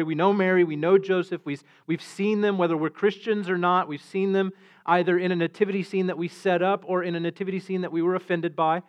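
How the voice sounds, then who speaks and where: Man pastor giving a sermon, kinda high voice, muffled lo-fi audio. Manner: earnest, repeats words when restarting. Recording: dull lo-fi sound.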